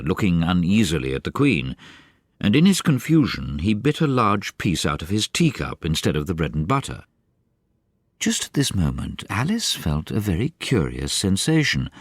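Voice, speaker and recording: Very deep-voiced male storyteller. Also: no room sound, clean studio sound. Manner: animated, varied storytelling. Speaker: audiobook narrator. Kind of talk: expressive storybook narration.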